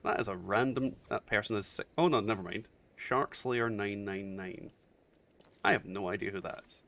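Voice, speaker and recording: Swearing gamer dad. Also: male voice, on the low side, normal speed. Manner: swears often, animated banter. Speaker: streamer host. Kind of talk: casual gaming chat.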